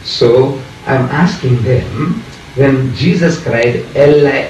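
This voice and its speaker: A man's voice: medium pitch, unhurried, darkish tone. A man leading a heated religious debate, lecturing and pressing his listeners with repeated questions. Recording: echoey room, voice far from mic, faint noise.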